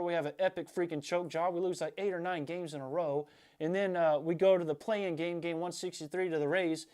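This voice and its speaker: A man ranting as a frustrated fan in a sports vlog. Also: high voice.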